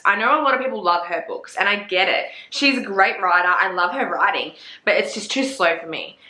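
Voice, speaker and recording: A young Australian woman with an Australian accent, chatting casually and profanely about books to camera, animated and gossipy. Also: medium pitch, roomy sound. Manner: profane, gossipy and animated, acting out her own reactions. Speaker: book reviewer. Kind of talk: casual book chat to camera.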